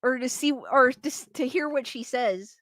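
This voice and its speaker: A woman's voice: sits high, normal speed, fairly bright tone, dry recording. A woman hosting a livestream, chatting casually, reading viewer comments aloud and laughing often. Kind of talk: casual chat.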